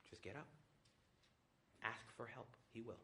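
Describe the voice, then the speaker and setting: A man, a priest, giving a retreat talk, joking and lively, often acting out little voices. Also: medium pitch, unhurried, a little hiss or hum. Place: retreat hall with audience.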